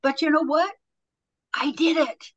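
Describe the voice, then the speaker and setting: Bright animated woman motivational speaker. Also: high voice, unhurried, lo-fi sound. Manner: animated storyteller, acts out quoted voices. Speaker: guest, motivational speaker and author. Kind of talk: conversational podcast interview.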